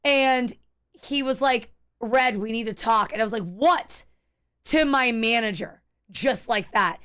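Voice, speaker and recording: A woman's voice: fairly high pitch, measured pace, a bit bright, smooth. A young adult woman streaming a game, chatting candidly with viewers in a rambling way, restarting sentences and swearing freely. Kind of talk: casual chat while gaming.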